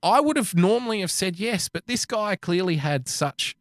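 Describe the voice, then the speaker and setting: An Australian man co-hosts a podcast, his high-sitting voice moving at normal speed with no echo. Chatting casually into a podcast mic, he tells a profane, animated anecdote and acts out the quoted lines.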